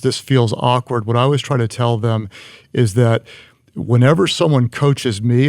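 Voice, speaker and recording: A man talks through leadership advice in an earnest, conversational way, often stopping and restarting mid-thought. His voice has a gravelly edge at a middle pitch. The sound is close and dry, with no room around it. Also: a little mellow, dry recording. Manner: earnest, frequent restarts and stammers. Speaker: guest.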